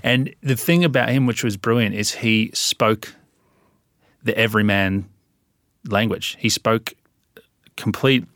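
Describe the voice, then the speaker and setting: An Australian man in a relaxed interview, laughing often and explaining with spoken examples. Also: fairly low pitch, measured pace, long pauses, dry recording, clean studio sound. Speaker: guest. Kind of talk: casual interview chat.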